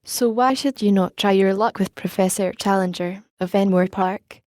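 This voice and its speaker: A woman's voice: mid-range voice, normal speed, darkish tone, no echo, lightly acted. A woman reading the part of an old, kindly, dry-humoured news editor, with a light Scottish lilt, in an audiobook. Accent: Scottish, put on.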